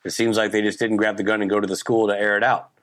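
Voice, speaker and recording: A man in his fifties with a Southern US accent, chatting as a podcast guest and telling animated stories with quick laughs and restarts. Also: lowish voice, a little hiss or hum. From Nashville, Tennessee. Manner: animated storyteller, laughs often, frequent restarts. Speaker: guest, actor. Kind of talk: casual podcast chat.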